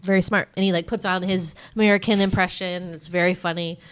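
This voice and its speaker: A woman co-hosting a podcast recaps a movie in casual chat, rambling with lots of fillers and jokey asides. Her voice is fairly low, steady and smooth, and she talks quickly.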